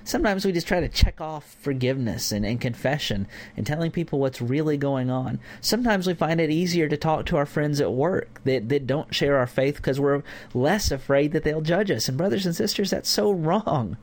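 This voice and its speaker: A man's voice: fairly high pitch, moderate pace, few pauses. A man teaching a conversational Bible lesson to a church group, informal with fillers. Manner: informal, with fillers and acted-out examples.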